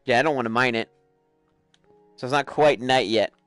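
A man hosting a live stream, chatting excitedly and laughing as he plays a game. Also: medium pitch, moderate pace, smooth, no echo, soft background music. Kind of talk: casual gameplay commentary.

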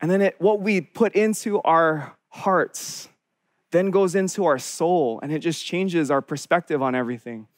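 A young man delivering a sermon as a college pastor, speaking earnestly in a loose, conversational way. His voice sits fairly high, and the recording is close and dry, with no room sound around him. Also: unhurried, dry recording. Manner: earnest, conversational preaching with restarts.

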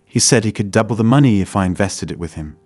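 A man's voice: lowish voice, expressive, fast, a little mellow, no echo, soft background music. A man reading a tearful, guilty teenage girl. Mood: pleading. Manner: small, pleading voice.

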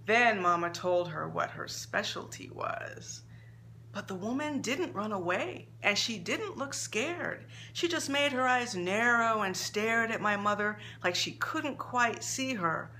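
A woman author reading her own short story aloud in an expressive, measured storytelling manner. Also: mid-range voice, slight background noise.

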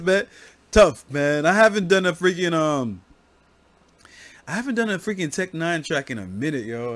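A man's voice: fairly high pitch, a bit bright. A man hosting a music reaction video, talking casually in a slangy, profane way full of fillers and restarts. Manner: rambling, repeats himself.

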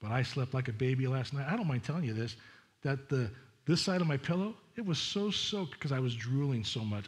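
A middle-aged man, a pastor preaching a sermon in a chatty, animated way with asides to the congregation. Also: mid-range voice, fairly quick.

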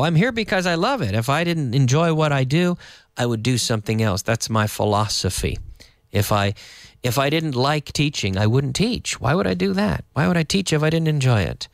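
A man's voice: a little high, sing-song, moderate pace, gravelly, no room sound, clean studio sound. A man teaching an English lesson on the radio, explaining phrases at an easy pace, dropping in Spanish glosses and answering listener questions.

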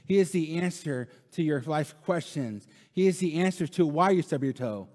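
A man's voice: a little high, animated, moderate pace, a little mellow, big-room sound. A man in his thirties preaching a sermon in a casual, conversational way, often tagging "right?" and repeating lines for emphasis. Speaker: pastor. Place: church sanctuary.

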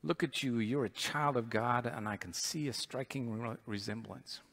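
A man voicing a big-voiced country preacher who booms and commands. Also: normal speed, creaky, a bit bright. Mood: booming. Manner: booming, commanding.

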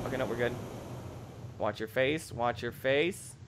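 A young man giving excitable, jokey commentary over a video game, bursting into shrieks and yells. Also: medium pitch, measured pace, long pauses, slight background noise. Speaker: gameplay commentator. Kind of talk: let's play commentary.

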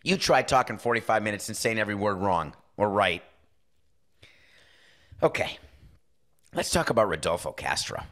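A middle-aged man runs a sports podcast, talking in a low-leaning, animated, slightly bright voice. The monologue is casual and opinionated, dotted with quick acted-out bits of dialogue.

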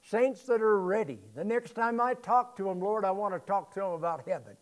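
A man preaching a sermon to his congregation in church, swinging from quiet talk to loud shouted scripture and calling for responses. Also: high voice, fairly quick. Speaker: pastor. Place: church sanctuary.

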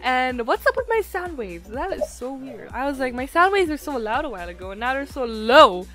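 A young woman chatters through a game at her desk mic, hyper and giggly, her voice sitting fairly high. Her speech is slightly altered by a retainer, swinging from excited shrieks to quiet muttering. Faint game music plays behind her. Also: a little fast. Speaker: gaming YouTuber. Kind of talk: casual gameplay commentary. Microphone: desktop mic, no face cam.

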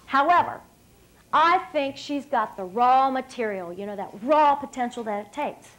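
A woman impersonating a big, older, gruff male gymnastics coach with a put-on Hungarian accent, speaking slowly and firmly. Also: high-pitched, lively intonation, a bit bright, poor audio. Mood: earnest.

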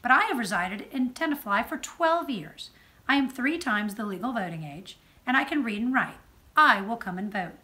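A woman's voice: a little high, lively intonation, moderate pace, pushed and bright. A woman voicing a bold, commanding elderly woman suffragist in a children's storybook reading, speaking in ringing, declamatory tones. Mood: resolute.

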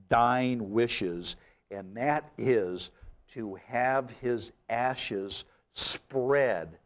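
A man hosting a casual talk show, animated and jokey, often breaking into laughter. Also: on the low side. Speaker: host. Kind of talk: casual chat.

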